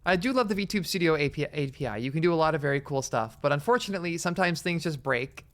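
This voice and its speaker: A woman streaming a game live, chatting, giggling and thinking out loud. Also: sits low, animated, fast talker, hardly any pauses.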